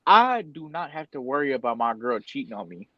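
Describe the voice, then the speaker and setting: A man's voice: medium pitch, big pitch swings, a little fast, no room sound, dull audio. A young man on a casual podcast, candidly telling an emotional personal story with plenty of slang. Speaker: podcast co-host.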